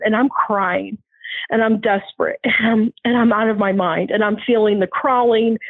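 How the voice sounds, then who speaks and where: A woman's voice: fairly high pitch, no echo. A woman earnestly recounting a frightening personal ordeal, often restarting and acting out what others said to her. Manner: earnest, restarts often, acts out quoted voices. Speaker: guest telling her story. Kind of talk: emotional personal testimony. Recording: tinny phone line.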